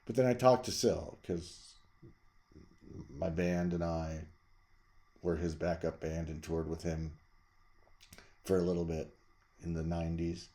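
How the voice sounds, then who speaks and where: A middle-aged man, the host, chatting casually and rambling about his record collection, jumping to loud emphasis. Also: sits low, steady tone, unhurried, pauses often. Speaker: vlog host reviewing records.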